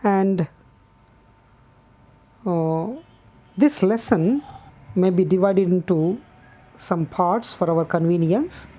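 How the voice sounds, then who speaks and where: Patient woman teacher, unhurried, low and mellow, repeats herself for clarity. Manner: patient and deliberate, repeats key words, frequent "uh" pauses. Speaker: English teacher. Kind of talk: slow classroom explanation.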